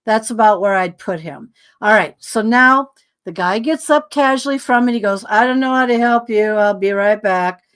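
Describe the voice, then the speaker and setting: A woman's voice: medium pitch, normal speed, fairly bright tone, clean tone. A woman guest telling a story in casual conversation, acting out dialogue with lots of fillers and sounding tired. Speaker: podcast guest.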